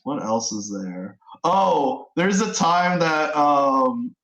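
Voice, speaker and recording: A man in casual gaming chat, telling a story with lively acted-out quotes. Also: on the high side, drawn-out words. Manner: animated storyteller, acts out quotes. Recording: echoey room.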